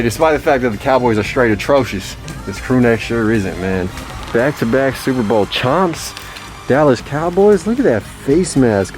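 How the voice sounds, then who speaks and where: A man giving a joking vlog of his thrift store finds, hyped and goofy, often jumping into high silly voices. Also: a little mellow. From Texas. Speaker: vlogger showing thrift finds. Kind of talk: casual joking vlog narration.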